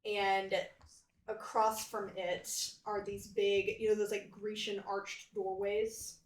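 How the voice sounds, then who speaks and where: A woman's voice: mid-range voice, level tone, takes it slowly. Woman player describing her character. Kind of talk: casual tabletop play. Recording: echoey room, distant mic, faint noise.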